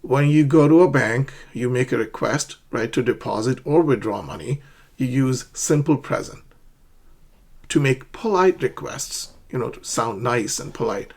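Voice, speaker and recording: Man teaching slow English drills. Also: mid-range voice, animated, darkish tone. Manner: slow, drilling pronunciation, repeats words. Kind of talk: ESL lesson, reading dialogues aloud.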